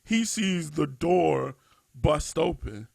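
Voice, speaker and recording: A man with a deeply gravelly, slightly husky voice talks through a topic on a podcast, restarting sentences and leaning on fillers as he thinks. The recording is close and dry, with no room sound. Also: animated, takes it slowly, darkish tone, no room sound. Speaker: podcast co-host. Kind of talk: casual discussion podcast.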